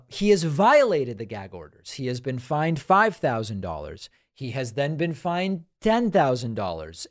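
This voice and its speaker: A man hosting a political talk show, delivering an emphatic commentary monologue and repeating phrases for stress. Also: medium pitch.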